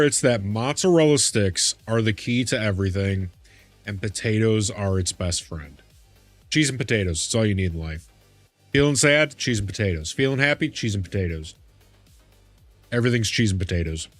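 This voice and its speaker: A man's voice: on the low side, no room sound. Chummy male streamer, dry close mic. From Midwest US. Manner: chummy, calls chat "big man", hypes up viewers. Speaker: game streamer. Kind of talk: casual live-stream chat while gaming.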